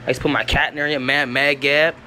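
A man's voice: medium pitch, little pitch movement, fast talker, pushed and bright, slight background noise. A young man giving a rambling, hyper home tour on a handheld camera, talking in slangy, profane bursts indoors at home.

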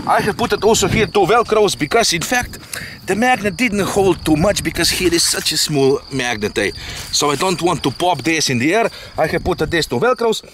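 A man's voice: high voice, expressive, normal speed, a bit bright, slight background noise, poor audio. A man hosting an RC flying channel, chatting casually and jokingly in rambling, non-native phrasing, recorded outdoors. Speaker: channel host, RC pilot.

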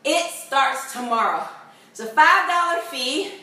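A woman fitness instructor counts reps and cheers her viewers on, a little breathless and upbeat. Her voice sits high and bright, and she speaks at an unhurried pace. She is picked up from across a very echoey room. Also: animated. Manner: upbeat, encouraging, laughs often. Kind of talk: home workout video, counting reps. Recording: echoey room, far from the mic.

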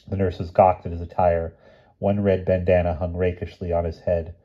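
A man reading a novel aloud as an audiobook narrator, steady, with small slips and restarts. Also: deep voice, moderate pace, lo-fi sound. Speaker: audiobook reader.

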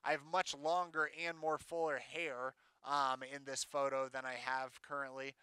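Young guy telling his story to a crowd, bright crisp voice, dry close mic. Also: medium pitch, level tone, moderate pace, dry recording. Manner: candid, plainspoken storytelling with fillers. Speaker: self-advocate speaker. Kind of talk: storytelling talk to an audience.

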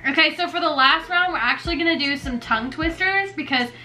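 A young woman in her twenties talks casually for a vlog, breaking into giggles. Her voice is bright and sits a bit high, and faint music plays under it. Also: fast talker, rough recording. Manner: giggly, laughs through her words. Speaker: vlogger. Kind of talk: casual chat. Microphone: headphones on, camera mic.

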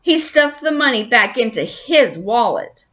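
A woman reading a children's chapter book aloud in an expressive storyteller's manner. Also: fairly high pitch. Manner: slow, expressive.

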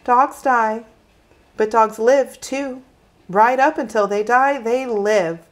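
A woman voicing a gentle, loving mother who speaks softly and soothingly. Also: a little high, slow, pitched above the performer's own voice. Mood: tender. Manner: soft, soothing, comforting.

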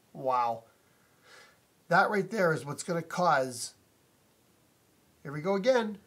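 A man's voice: fairly high pitch, animated, slow pace, a bit bright, breathy edge. A man ranting to camera from inside his house, indignant and repetitive, swearing often, recorded on a phone or camera mic. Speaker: vlogger complaining about a noisy neighbor. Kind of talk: angry profane rant to camera.

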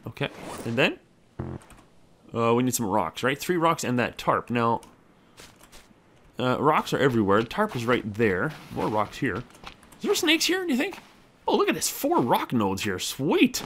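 Young male gamer, lively pitch, chatty self-talk, faint clicking behind. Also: unhurried, a little hiss or hum. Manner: animated, talks to himself and the game character. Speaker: gameplay commentator. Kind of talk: let's play commentary.

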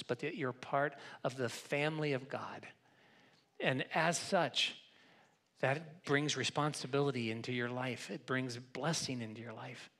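A man's voice: mid-range voice, a bit bright. A man preaching a sermon as pastor in a church, talking conversationally and often restarting and repeating words. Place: church sanctuary.

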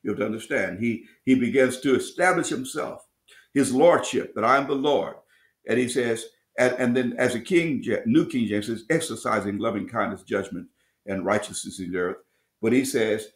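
A man teaching as pastor at a midweek bible study, reading scripture slowly and restating phrases as he explains. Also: mid-range voice. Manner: preacherly, repeats and restates phrases; reads scripture slowly with rising emphasis.

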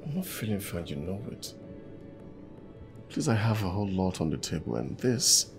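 An actor playing a wealthy boss who talks in a tired, pleading way. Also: male voice, deep voice, big pitch swings, moderate pace, gravelly, heavily acted. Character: wealthy boss, man, weary and gentle. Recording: music playing underneath.

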